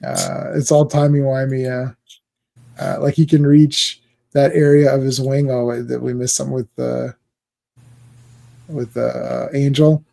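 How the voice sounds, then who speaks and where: A man's voice: mid-range voice, little pitch movement, unhurried, vocal fry, long pauses, warm tone. A man co-hosting a casual podcast chat, rambling and laughing as he quotes movie lines. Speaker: podcast co-host.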